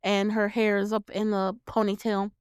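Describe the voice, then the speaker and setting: A woman's voice: mid-range voice, level tone, moderate pace, clear, resonant tone, no room sound, studio quality. A woman hosting her own show, recapping a movie in casual chat, swearing freely, laughing often and acting out her reactions. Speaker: podcast host reviewing a film.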